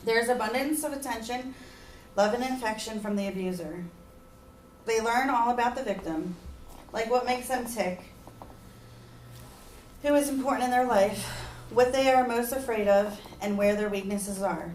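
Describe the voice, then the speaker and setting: A woman's voice: a little high, normal speed, a little mellow, slight background noise. A woman giving an earnest persuasive speech, at times emotional. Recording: echoey room, mic far off.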